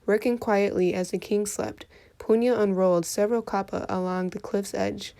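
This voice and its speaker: In an expressive storytelling voice, a woman reads a folktale aloud for children. She speaks at a normal speed with a mid-range, creaky voice.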